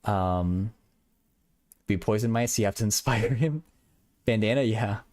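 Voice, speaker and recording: Stammering young man, low dry voice. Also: unhurried, darkish tone, no echo. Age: young adult. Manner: stuttering, repeats words. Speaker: livestream host. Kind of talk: casual chat with viewers. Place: small apartment bedroom.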